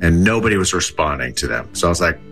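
Low-voiced guy comedian, relaxed interview chat, faint music under. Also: fast talker. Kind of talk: casual interview talk.

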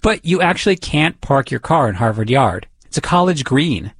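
A man's voice: mid-range voice, big pitch swings, normal speed, slightly rough, dry recording. A man from the Boston area, narrating a scripted radio feature in a conversational way. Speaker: radio reporter.

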